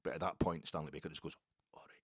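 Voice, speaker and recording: A middle-aged Scottish man hosting a football podcast, rambling and animated in a casual solo monologue. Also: very deep voice, rapid-fire, slightly rough, no room sound, studio quality. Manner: rambling, animated, self-interrupting.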